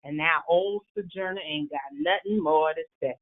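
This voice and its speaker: A woman's voice: low voice, normal speed, pitched below the performer's own voice, natural voice. A woman performing a proud old formerly enslaved woman orator in a Southern dialect, with a rhythmic, preacherly cadence. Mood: rousing. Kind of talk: dramatic recitation of a historic speech. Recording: tinny phone-like line.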